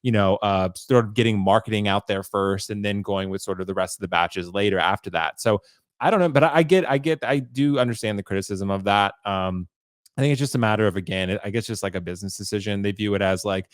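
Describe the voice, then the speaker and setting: Podcast host: a lower-voiced man who talks quickly and hedges as he thinks aloud, on a dry, close recording. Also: dry recording. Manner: agreeable, hedging, thinking aloud. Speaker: podcast host, toy reviewer. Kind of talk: casual podcast chat.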